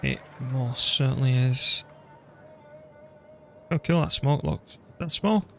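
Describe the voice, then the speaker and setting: A man's voice: medium pitch, takes it slowly, gravelly, fairly bright tone, slight background noise. Chatty man streaming a strategy game. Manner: chatty, self-deprecating, talks to his PC and game while playing. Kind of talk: live gameplay commentary.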